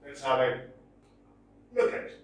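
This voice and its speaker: A man, lecturing on poetry as a teacher, stressing and repeating key words slowly. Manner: emphatic, repeats key words slowly, with lively pitch jumps. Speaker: English teacher. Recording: roomy echo, distant from mic.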